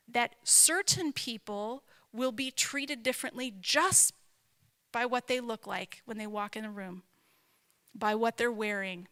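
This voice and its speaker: A woman's voice: a little high, sharp tone, clean tone. A woman, an author and speaker, giving a conversational teaching talk in a reflective, emphatic way. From not from the American South. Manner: reflective, emphatic, asks herself questions aloud.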